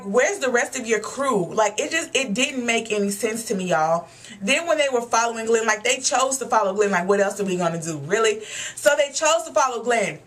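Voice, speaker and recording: A woman's voice: a little high, fairly bright tone. A young woman vlogger giving a casual, blunt and profane rant reviewing a TV episode. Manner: blunt, profane, exasperated ranting.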